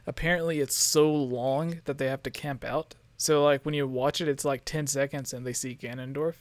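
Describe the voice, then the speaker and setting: A man's voice: medium pitch, steady tone, normal speed, no room sound. A man co-hosting a casual gaming stream, speculating at an easy, rambling pace. His voice sits in a middle register, and the sound is dry and close. He talks in loose run-ons with many fillers and false starts. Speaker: podcast host.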